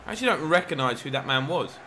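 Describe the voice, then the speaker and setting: Excitable lad commenting on a football game. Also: male voice, on the high side, rapid-fire, slight background noise. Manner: excitable, shouts at big chances. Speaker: gaming YouTuber. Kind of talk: live gameplay commentary.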